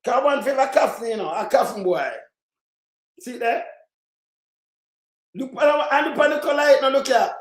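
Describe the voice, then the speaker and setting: Jamaican lady going off at her phone, keeps saying look here, mocking, yells now and then, echoey room. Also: sits high, normal speed, pauses often. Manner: insistent, repetitive, mocking, bursts of loud shouting. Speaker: vlogger. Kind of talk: casual rant to camera.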